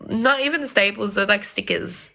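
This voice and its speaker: A young woman from Lebanon telling animated stories in casual chat, acting out the people she quotes. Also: mid-range voice, normal speed, creaky. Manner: animated, acts out voices in quoted dialogue. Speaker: podcast guest. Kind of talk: casual storytelling.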